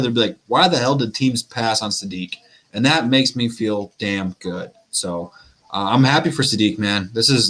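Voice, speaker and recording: A man's voice: mid-range voice, a bit bright. Chatty man on a sports podcast. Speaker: podcast co-host. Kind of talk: casual sports talk.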